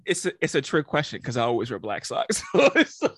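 A man's voice: mid-range voice, huge pitch swings, fairly quick, fairly bright tone, no echo, clean studio sound. A man co-hosting a podcast, telling loose, profane stories in casual chat and often breaking into laughter. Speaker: podcast co-host.

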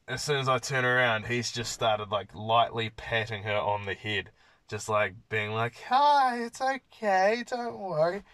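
A young podcast host delivers a casual monologue, telling rambling stories packed with swearing. His voice is on the low side with a sharp tone, and there's no room sound.

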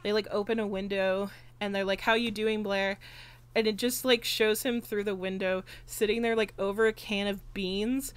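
A woman in casual podcast chat, with a voice sitting at an ordinary middle pitch for a woman. She rambles through film scenes with constant fillers and swears freely. She retells the action in an animated way. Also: normal speed, few pauses, clear, resonant tone. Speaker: podcast host.

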